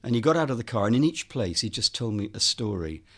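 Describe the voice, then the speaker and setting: A man's voice: lowish voice, big pitch swings, fast, a bit bright. A man, a filmmaker and author, telling a story in an interview, with lots of ums and quoted dialogue.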